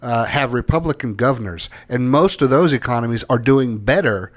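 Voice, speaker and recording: A man co-hosting a political talk show, emphatic and opinionated, with halting restarts. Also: mid-range voice, lively intonation.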